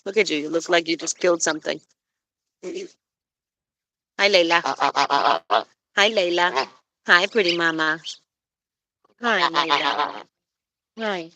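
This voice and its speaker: A woman's voice: lowish voice, takes it slowly, pauses often, sharp tone. A young woman live-streaming outdoors by phone, cooing in baby talk to her pet geese and chatting to viewers. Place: outdoors with geese and other animals.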